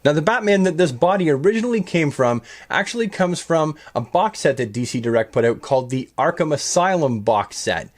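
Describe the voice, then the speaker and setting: Upbeat man hosting a toy showcase, slightly high voice that bounces up and down a lot. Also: animated, brisk, hardly any pauses. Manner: chatty, upbeat and pun-loving. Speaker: toy collector reviewing custom action figures. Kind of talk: enthusiastic toy showcase narration.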